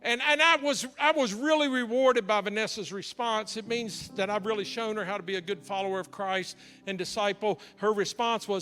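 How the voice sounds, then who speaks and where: High, bright-voiced preacher in a reverberant hall. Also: male voice, fairly even intonation, normal speed, hardly any pauses, soft background music. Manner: humorous anecdotal storytelling. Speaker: pastor. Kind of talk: sermon storytelling. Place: large church hall.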